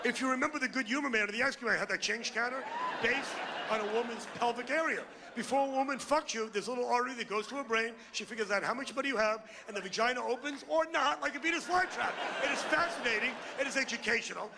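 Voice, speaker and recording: A man in his sixties doing a loud, ranting, insulting stand-up comedy routine on a club stage. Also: very high-pitched, quick pace, noisy background.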